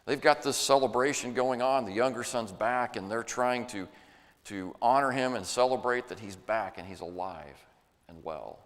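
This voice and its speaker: A man's voice: medium pitch, normal speed, a bit bright. A man preaching a sermon in an earnest, folksy way, sometimes acting out the voices he quotes. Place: church sanctuary. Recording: long church reverb.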